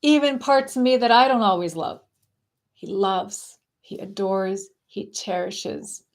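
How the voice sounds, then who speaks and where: A woman coaching viewers on a casual live stream, talking in a soft, dreamy and effusive way. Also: medium pitch, a little slow. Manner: gushing, affectionate and effusive; soft, dreamy spiritual phrasing.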